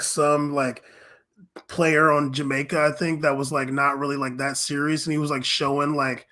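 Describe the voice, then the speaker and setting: Male podcast co-host: slightly raised pitch, loose rambling chat, filler-heavy. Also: bright, forceful tone. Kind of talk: casual sports chat.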